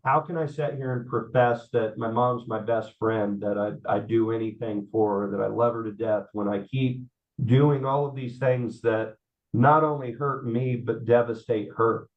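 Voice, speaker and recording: Guy telling his story slow and halting, lots of ums, kinda dull audio. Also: medium pitch, steady tone. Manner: halting, frequent fillers and repeats. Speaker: guest. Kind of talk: personal story in interview.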